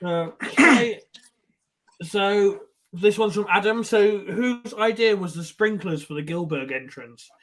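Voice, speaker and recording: A man's voice: sits high, unhurried, a bit bright, low-quality recording. A man co-hosting a live signing, joking around and reading out fan questions. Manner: joking, reads questions aloud. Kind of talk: casual chat.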